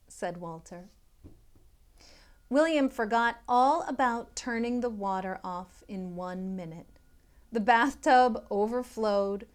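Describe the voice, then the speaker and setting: Slow, expressive woman reading aloud to kids. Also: a little high. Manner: expressive storybook reading with chatty asides to children. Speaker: literacy tutor. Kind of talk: children's read-aloud.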